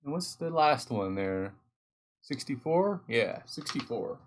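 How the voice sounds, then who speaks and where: A man's voice: mid-range voice, very animated, takes it slowly, slight background noise. A man hosting a live stream at home, chatting casually and thinking aloud as he reads, easily getting sidetracked.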